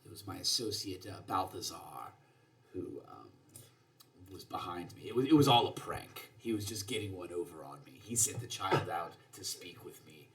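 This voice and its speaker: A man's voice: low-pitched, moderate pace, fairly bright tone. A man playing a tabletop game who tells a story in character in a rambling, hesitant way. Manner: rambling and hesitant, full of restarts. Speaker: player.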